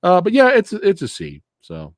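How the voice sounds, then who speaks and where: A man's voice: high voice, huge pitch swings, moderate pace, no room sound, clean studio sound. A man hosting a casual movie review stream. He rants with a lot of swearing and laughs often. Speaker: host of a movie review channel.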